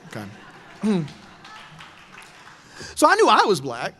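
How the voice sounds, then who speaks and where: A middle-aged man giving a talk tells his audience a wry personal story, his high voice taking its time. He's animated and quotes voices, while the lecture hall's long reverb is joined by some chatter and slight background noise.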